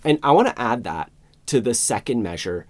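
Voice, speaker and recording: A man's voice: mid-range voice, expressive, moderate pace, darkish tone. A man giving a friendly step-by-step guitar lesson, counting beats aloud and vocalizing strums. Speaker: guitar teacher. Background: guitar strumming and backing track.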